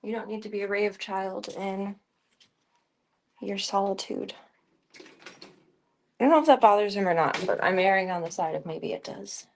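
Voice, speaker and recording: A woman's voice: mid-range voice, unhurried, creaky, long pauses, slight background noise. A woman streaming casual chat, narrating chores and talking baby-talk to her cats.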